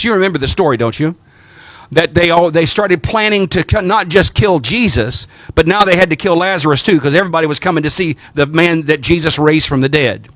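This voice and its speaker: Animated Southern-accented priest. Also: male voice, fairly high pitch, fairly quick, no echo. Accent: Southern American. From American South. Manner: animated storyteller with folksy asides, repeats phrases. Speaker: Orthodox priest teaching homiletics. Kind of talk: teaching talk to clergy.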